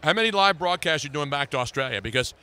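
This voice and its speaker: Man, sports radio host, wisecracking banter, bright, slightly high. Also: expressive, racing, clear, resonant tone. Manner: wisecracking, mock-outraged. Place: busy radio row on a convention floor.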